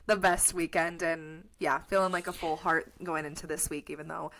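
A woman's voice: low voice, steady tone, normal speed, a bit bright. A young adult woman from Colorado, co-hosting a podcast in upbeat casual chat, full of "like" and "literally". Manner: chatty, upbeat, lots of "like" and "literally". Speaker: podcast co-host.

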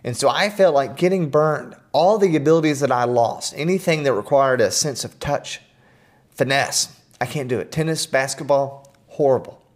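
A middle-aged man, a podcast guest, telling personal stories in an earnest, animated way with self-deprecating humor. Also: mid-range voice. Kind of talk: storytelling in conversation.

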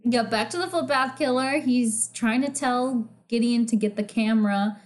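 A woman with a slightly high voice talks at a normal pace while co-hosting a podcast. She recaps a TV episode in loose, casual chat, cursing freely and laughing as she acts out lines.

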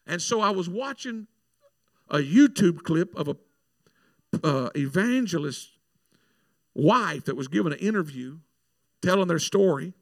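Male preacher, testimony sermon, raised gravelly voice, animated storyteller, dry close sound. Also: high-pitched, unhurried, long pauses, dry recording. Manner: animated storytelling, repeats words. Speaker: minister praying at altars.

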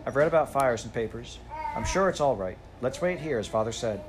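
A man's voice: mid-range voice, expressive, a little fast, background noise, close to an everyday voice. A man reading aloud, voicing a practical, reassuring older boy in a storybook.

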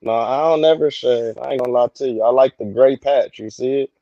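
A man's voice: mid-range voice, fairly even intonation, fairly quick, dull audio, crowd noise. A man appearing as a guest on a live-stream talk show from bed, laid-back and playful as he jokes along. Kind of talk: casual live-stream banter.

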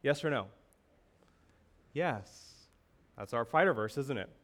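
A man's voice: mid-range voice, expressive, slow, fairly bright tone. A male pastor preaching a sermon, asking the congregation rhetorical questions with emphasis.

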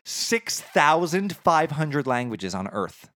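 A man's voice: a little high, sing-song, slow pace, a bit bright. A man co-hosting a podcast in casual chat, rambling with frequent fillers. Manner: rambling, lots of "um"s. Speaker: podcast co-host.

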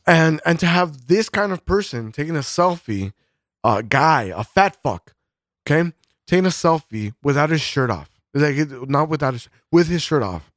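A man's voice: a little high, animated, moderate pace, dry recording, studio quality. Foul-mouthed rambling podcast man. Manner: profane, rambling, full of fillers and restarts. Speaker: podcast co-host. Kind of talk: casual podcast chat.

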